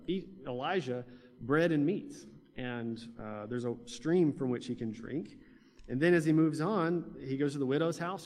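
A man's voice: mid-range voice, a little mellow. A man preaching a sermon in a conversational way, with fillers and restarts. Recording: long hall reverb.

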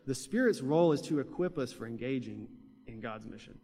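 A man's voice: medium pitch, lively intonation, fairly quick, mellow. A man preaching a sermon in a conversational way, with fillers and restarts. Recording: long hall reverb.

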